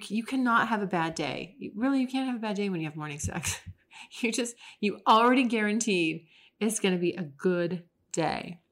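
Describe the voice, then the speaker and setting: Frank, chatty woman, lowish voice. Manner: frank, chatty, with frequent restarts. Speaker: podcast host. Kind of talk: casual solo monologue.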